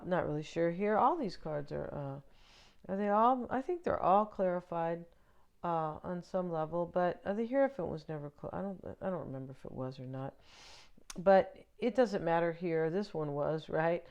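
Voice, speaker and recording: A woman's voice: lowish voice, smooth. Chatty woman giving a tarot reading. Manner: chatty, many fillers and "right?" check-ins. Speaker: tarot reader. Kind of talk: casual tarot reading for viewers.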